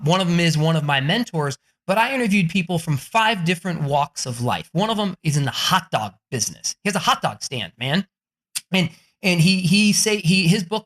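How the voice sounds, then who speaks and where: A man who is a podcast guest and author, telling profane, excitable stories and acting out quotes in a raised voice. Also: a little high. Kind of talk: animated storytelling in an interview.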